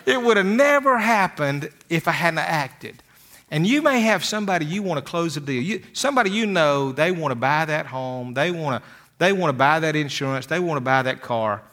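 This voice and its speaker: An older man with a bright, ringing voice, pitched a little high, gives a motivational talk. He works through folksy stories and often repeats a word two or three times before his sentence gets going. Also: lively intonation, normal speed. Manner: folksy storytelling, repeats words when starting sentences. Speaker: motivational speaker.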